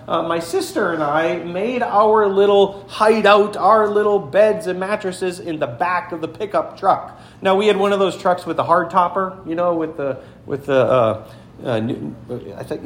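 A pastor with a high voice delivers his sermon in a relaxed, storytelling way, turning often to his listeners with questions. He is a man, and his voice rings in an echoey room with a faint hum behind it. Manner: conversational storytelling, speaks to the congregation directly.

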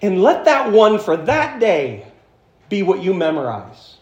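A man preaching an emphatic sermon as pastor, slowing down to stress key phrases. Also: high voice, wildly swooping pitch. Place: church sanctuary. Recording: echoey church hall.

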